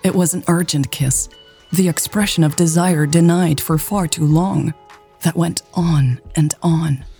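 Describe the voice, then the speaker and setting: A woman narrating a romance story in a slow, soft, intimate way, with faint music behind. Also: low-pitched, fairly even intonation, husky.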